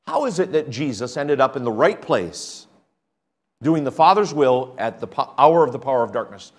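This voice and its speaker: A man preaching a sermon, reading scripture aloud and swinging between hushed, quiet points and loud, emphatic ones. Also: mid-range voice, animated, moderate pace. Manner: reads scripture aloud in old-fashioned wording.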